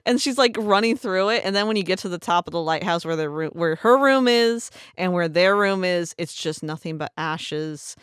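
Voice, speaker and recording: A woman co-hosting a podcast in casual chat, an animated storyteller who acts out the people she quotes. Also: fairly low pitch, normal speed, few pauses, smooth, dry recording, studio quality. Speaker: podcast co-host.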